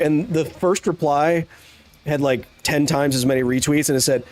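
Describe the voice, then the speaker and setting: A man's voice: fairly high pitch, steady tone, normal speed, a little mellow, dry recording, soft background music. A man hosting a live stream, ranting casually in a sarcastic, exasperated way. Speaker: streamer host.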